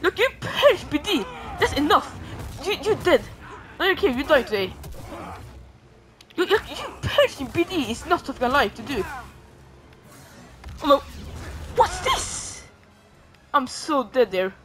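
A woman giving casual commentary on her own gameplay, reacting out loud, pleading with and taunting the enemy, and swearing now and then. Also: high-pitched, big pitch swings, moderate pace, pauses often, soft background music. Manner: reactive, pleading and groaning at the game. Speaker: gamer streaming a playthrough.

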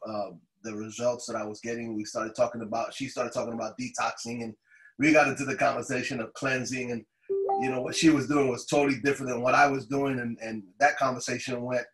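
A man excitedly telling a personal story on a video call, often laughing as he talks. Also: medium pitch, fairly quick. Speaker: guest sharing a testimonial. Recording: echoey room over video call.

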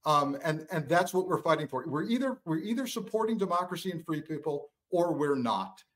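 Emphatic middle-aged man, higher voice. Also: animated, brisk. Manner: emphatic, forceful, repeats words for stress. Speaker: guest, former counterintelligence official. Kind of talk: political talk show commentary.

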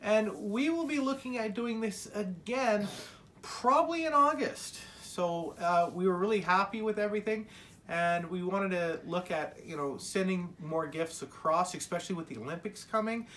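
A woman's voice: mid-range voice, normal speed, a bit bright, slight background noise. An American woman hosting a casual family unboxing vlog at home, upbeat and exclaiming as she coaxes a child along. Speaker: family vlogger.

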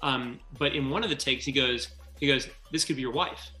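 A man, a filmmaker guest, chatting in an interview, telling stories quickly and acting out quotes. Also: medium pitch, reverberant, faint music behind. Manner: animated, quick storytelling, acts out quotes. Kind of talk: casual interview chat.

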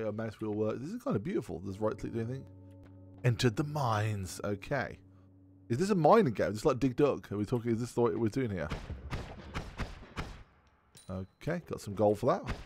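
A low-voiced man with a gravelly edge talks through a game as he plays it. His pitch swings widely, and he swears freely and yelps when something surprises him. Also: expressive, fairly quick, long pauses, a little mellow, slight background noise. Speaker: gaming video creator. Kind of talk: let's play commentary, thinking aloud.

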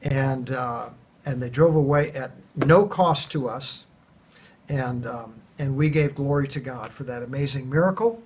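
A man, a church planter, telling a personal testimony in a casual, animated way, acting out quoted dialogue. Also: medium pitch, a little slow, a little hiss or hum. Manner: conversational, animated retelling with quoted dialogue and restarts. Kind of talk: casual spoken testimony storytelling.

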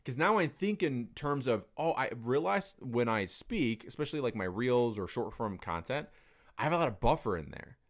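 A young man talks in a loose, rambling way, dropping swear words without a second thought. His voice swings widely in pitch as he tells his stories. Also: lively intonation, normal speed. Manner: candid, rambling, swears freely. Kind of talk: casual conversation.

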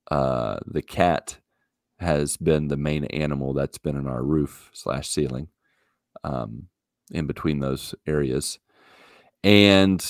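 A man with a very deep, low voice tells a story in an animated, exasperated way. It is a casual podcast chat on a podcast mic. The sound is dry and close. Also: no room sound. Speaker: podcast co-host.

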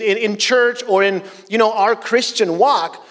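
A man's voice: high voice, normal speed, few pauses, a bit bright. A man preaching a sermon as pastor, talking conversationally to the congregation with rhetorical questions. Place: church sanctuary. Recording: church hall reverb.

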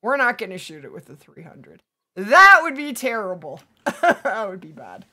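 Woman game streamer, bright, bouncy, hoarse from talking, chatty and upbeat. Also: fairly high pitch, very animated. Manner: upbeat, chatty, reads chat aloud, quick to laugh. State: losing her voice. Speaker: livestream gaming host. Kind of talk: casual livestream chat while playing.

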